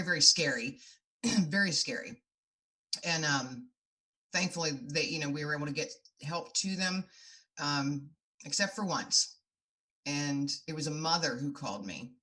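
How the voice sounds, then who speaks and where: A middle-aged woman appears as a guest in a podcast interview, telling her stories in an earnest, heartfelt way. Her voice is deep with a sharp tone.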